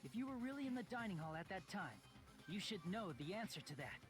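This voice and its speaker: A woman voices a young student investigator in a video game, calmly pressing with pointed questions. Her pitch rises and falls in a lively way. Game music plays clearly under her. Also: fast talker, natural voice. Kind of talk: English game dub.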